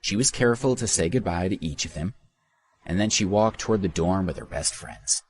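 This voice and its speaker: A man narrating an audiobook with a very deep voice. His pitch rises and falls a lot as he tells the story expressively. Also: animated, a little fast.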